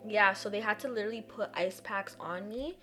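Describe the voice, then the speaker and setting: Young woman, mid-pitched, chatty storyteller, music bed. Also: a little fast. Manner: animated storytelling, acts out others' lines. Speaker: new mother telling her birth story. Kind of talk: casual chat.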